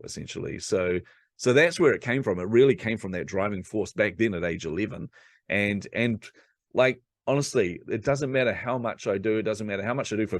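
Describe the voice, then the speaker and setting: A man from New Zealand, a podcast guest telling a personal story in a lively, conversational way and acting out the voices of people he quotes. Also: on the low side, no room sound, clean studio sound. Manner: animated, acts out quoted voices.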